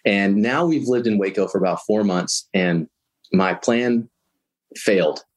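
A man's voice: lowish voice, unhurried. A man from Georgia, a talkative guest telling a long story in an interview. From Georgia, USA. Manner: chatty, lively storyteller.

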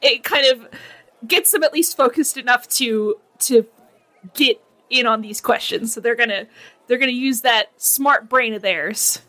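A woman's voice: on the high side, measured pace, bright, forceful tone. A woman playing in a tabletop game, talking in a hesitant, giggly way. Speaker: player.

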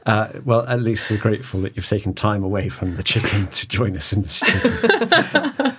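A man's voice: on the low side, sing-song, normal speed, a bit bright, slight background noise. A man hosting a studio podcast in casual chat, jokey and rambling, often restarting sentences. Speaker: podcast host.

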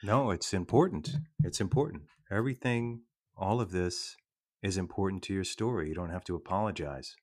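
A male podcast host asking questions and reassuring his guest in a gentle way. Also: deep voice, moderate pace, dry recording, clean studio sound. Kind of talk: interview questions.

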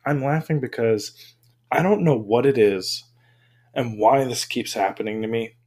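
A man of middle pitch tells a story on a podcast in a lively, casual way. He breaks into laughter often and acts out other people's lines. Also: unhurried. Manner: giggly, animated storyteller. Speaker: podcast co-host. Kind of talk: casual chat.

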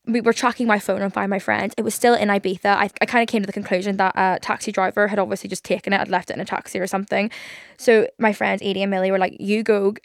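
A young woman, hosting a podcast and telling a story in a casual, sweary, excitable way, full of fillers. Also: medium pitch, fast talker, no echo, studio quality. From Northern Ireland. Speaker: podcast host.

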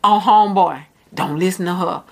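A young woman talking to her viewers in a casual vlog, blunt, profane and animated. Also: fairly low pitch, normal speed, gravelly. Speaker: vlogger.

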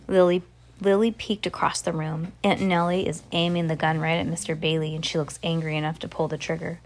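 A woman's voice: low-pitched, flat delivery, a little fast. A woman reading a ghost story aloud expressively, dropping in casual asides. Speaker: storybook reader.

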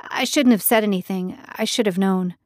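A woman's voice: mid-range voice, normal speed, dry recording, studio quality, close to an everyday voice. A woman voicing a nervous, apologetic young man in an audiobook, eager and fretful as he talks. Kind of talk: audiobook character voice.

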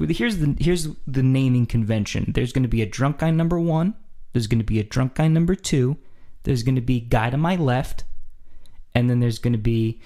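A man telling a funny story in a casual podcast chat, acting out scenes and repeating lines for effect, close to a studio mic. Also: mid-range voice. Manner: animated, acts out scenes, repeats phrases for effect. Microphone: studio microphone.

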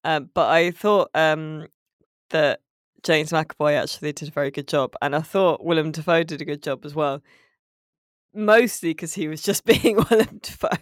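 Cohost, lots of ums, thinking out loud, dead dry mic. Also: mid-range voice, normal speed, dry recording. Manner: hesitant, thoughtful, many fillers. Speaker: podcast co-host. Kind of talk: casual chat.

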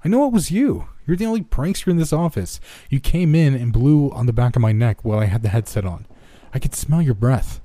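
A man plays a jumpy young game tester whose voice jumps high when he shouts in fright or anger. The tone stays deep and very dark underneath, dry and close. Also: steady tone, brisk, few pauses, husky, no room sound. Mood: furious.

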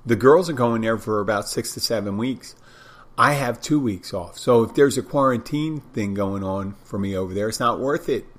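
A middle-aged bartender hosts a podcast alone from his home in the Florida Keys, rambling casually and frequently correcting himself. His voice is on the low side and he talks at a moderate pace.

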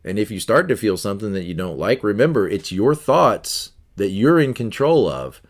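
A man's voice: lowish voice, sing-song, normal speed. A man hosting a self-help podcast, teaching in an earnest, conversational way that often repeats itself. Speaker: podcast host.

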